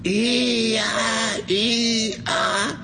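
A man's voice: very high-pitched, flat delivery, drawn-out words, bright, forceful tone, slight background noise, heavily acted. A man voicing a vodka-loving Eastern European farmer who sings a comic farm song with a put-on accent. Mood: hearty.

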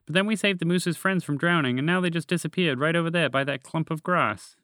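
A man voicing an excitable female frog in a storybook tale, talking in a chattery, easily startled way, pitched well above his own voice. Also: brisk, no echo, clean studio sound. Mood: eager.

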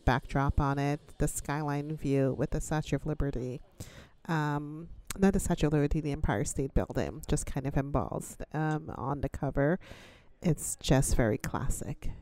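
A laid-back woman co-hosting a casual book chat, with a bawdy streak and lots of ums. Her voice is very low and mellow. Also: fairly even intonation, unhurried, dry recording. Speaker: podcast co-host.

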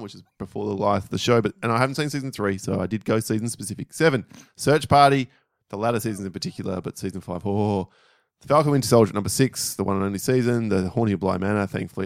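A man's voice: on the low side, fast talker, vocal fry, no room sound, clean studio sound. A man co-hosting a podcast in casual chat, wry and laughing often. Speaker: podcast co-host.

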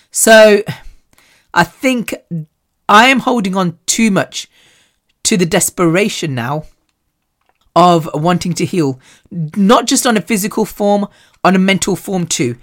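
A woman, hosting a solo podcast and telling personal stories in an animated, chatty way, often laughing. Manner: animated and chatty, with frequent laughs and big swings in pitch. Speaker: podcast host.

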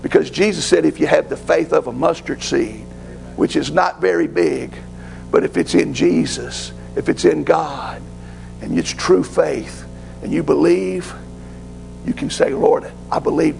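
A man's voice: fairly high pitch, measured pace, gravelly, darkish tone, soft background music, rough recording. A man preaching a sermon as pastor, rising to fervent pleading.

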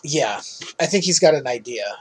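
Podcast co-host, man, slightly raised pitch, breathy edge, lively recap with laughs. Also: normal speed. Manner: animated, laughs often, swears freely. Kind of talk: casual movie recap chat.

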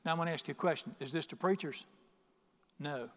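A middle-aged man preaching a sermon as pastor, reading scripture slowly and questioning his congregation with emphasis. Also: a little high, a bit bright. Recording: long reverb of a large hall.

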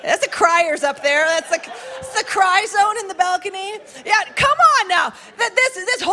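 A middle-aged woman pastor preaching a sermon in a church, passionate and building to shouts at the big moments. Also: extremely high pitch, lively intonation, moderate pace, hardly any pauses. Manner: passionate, rising to shouts at climaxes. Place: church sanctuary with balcony.

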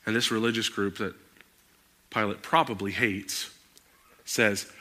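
A man preaching a sermon, animated and moving into emphatic outbursts. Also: fairly low pitch, a little slow, pauses often. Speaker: pastor.

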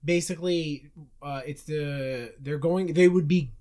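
A man's voice: on the high side, a little slow, warm tone. A man co-hosting a podcast in casual chat, recapping a show in a rambling way, full of restarts and swearing. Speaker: podcast co-host.

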